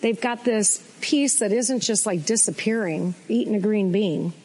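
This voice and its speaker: An American woman co-hosting a faith talk show, teaching in a casual, folksy, animated way. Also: mid-range voice, measured pace, breathy edge, poor audio. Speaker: co-host teaching faith and personality types.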